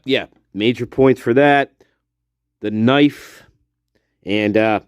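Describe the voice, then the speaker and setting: A man's voice: mid-range voice, darkish tone, no room sound. A male true-crime channel host giving profane, exasperated, emphatic ranting commentary.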